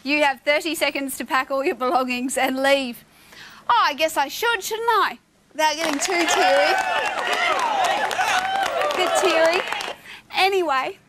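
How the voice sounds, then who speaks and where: An Australian woman hosting a live call-in television quiz, chatty and playful and quick to laugh. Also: high-pitched, a loud crowd, very noisy. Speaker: quiz show host. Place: television studio.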